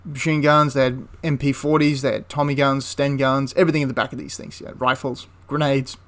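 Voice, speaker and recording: A man's voice: medium pitch, flat delivery, a little fast, fairly bright tone. A man casually retelling a wartime story for a history channel, rambling with frequent restarts and asides.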